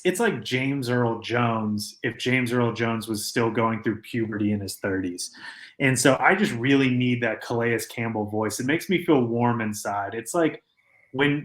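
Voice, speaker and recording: Mid-pitch guy on a sports podcast in the studio, calm and measured, takes his time. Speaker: podcast co-host. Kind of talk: casual sports chat.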